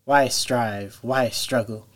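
A man's voice: mid-range voice, fairly even intonation, takes it slowly. A man doing a boastful, reckless toad. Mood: brooding. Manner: boastful, shouting.

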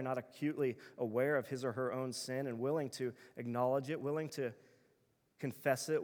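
A man's voice: medium pitch, long reverb tail. A male pastor preaching a sermon in an earnest, emphatic way, building his points through repeated phrases.

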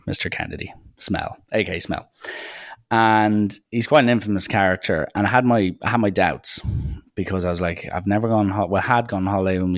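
A young man tells a holiday story in a chatty, animated way and acts out what people said. His voice sits low. The sound is dry and close to the mic. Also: no room sound. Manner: chatty, animated anecdotes with acted quotes. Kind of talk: casual storytelling.

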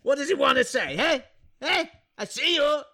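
Shrill gravelly little devil in a box, cackly, sing-song, sharp as anything. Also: male voice, lively intonation, normal speed, heavily acted. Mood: taunting. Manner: wild, taunting, sing-song, put-on foreign lilt. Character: shrieking mischievous male devil in a box.

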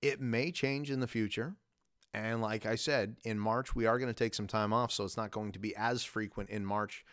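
A man in his thirties hosts a casual solo podcast in a lowish, fairly bright voice with fairly even intonation at a moderate pace. He rambles, pokes fun at himself, and laughs often. The recording is dry with clean studio sound.

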